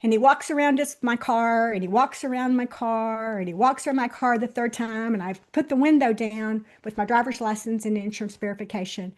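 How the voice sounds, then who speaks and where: A woman in her sixties, a guest on the show, telling a personal story straight to viewers, swinging between loud bursts and hushed moments. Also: fairly high pitch, brisk, few pauses. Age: 60s. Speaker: interview guest.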